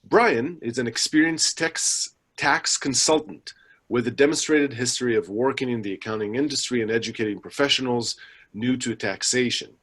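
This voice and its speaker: A man's voice: medium pitch, normal speed, fairly bright tone. A man moderating a business webinar, reading the housekeeping and speaker introductions with some fillers and restarts. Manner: reads announcements with fillers and small restarts.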